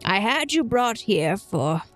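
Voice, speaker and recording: A woman voicing a frail, sickly old man who speaks slowly and wearily between coughs. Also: a little high, very animated, fairly bright tone, faint music behind, exaggerated voice. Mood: grave. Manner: slow and weary, coughing.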